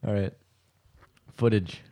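A young man co-hosting a podcast, excitable and teasing, laughing often. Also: slow pace. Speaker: podcast co-host and editor. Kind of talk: casual banter.

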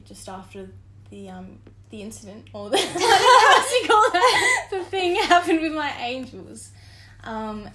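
A woman's voice: medium pitch, a little hiss or hum. A young woman, a podcast guest talking candidly, swearing casually and laughing often. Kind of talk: casual chat. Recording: roomy echo.

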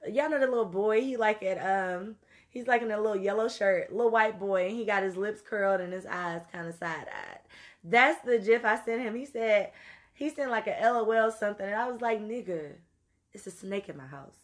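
A woman telling a story in an animated, profane way, moving between loud outbursts and low asides. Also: brisk. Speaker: podcast host. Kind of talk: storytelling monologue.

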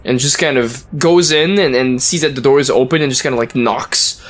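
A man's voice: mid-range voice, a little fast, a little hiss or hum. A man playing a tabletop game, describing his character's moves casually and trailing off. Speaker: player.

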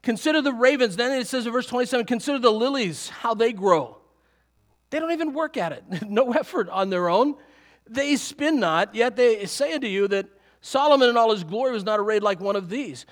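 Man, middle-aged, pastor, high-pitched voice, animated sermon, chuckles as he preaches. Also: fairly quick.

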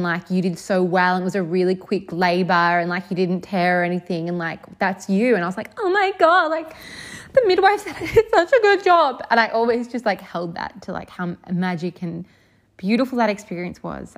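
Chatty young woman telling a story. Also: fairly low pitch. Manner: chatty, full of fillers like "um" and "like". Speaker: vlogger. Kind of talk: casual storytelling.

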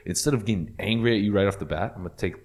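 A man's voice: lowish voice, racing, a little mellow. A man co-hosting a podcast, laid-back and profane in casual chat, often repeating words. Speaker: podcast co-host.

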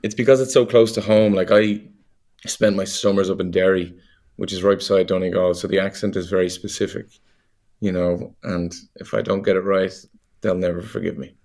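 An Irish man, a young adult actor, chatting as a guest in an interview, animated and full of fillers and laughs. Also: sits low, a little fast. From Ireland. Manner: animated storyteller, laughs easily, many fillers. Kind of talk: casual interview chat.

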